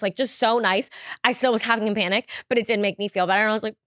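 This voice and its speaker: A woman's voice: medium pitch, fairly even intonation, quick pace, a bit bright, no echo, clean studio sound. A young woman co-hosting a podcast in casual chat, rambling with lots of "like" fillers and casual swearing. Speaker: podcast co-host.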